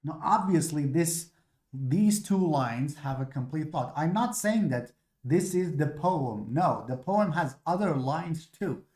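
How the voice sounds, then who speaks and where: A man's voice: on the high side, expressive, unhurried, a little mellow. A man with a Persian accent giving a recorded literature lecture, explaining patiently and often repeating himself with "you know.". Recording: echoey room.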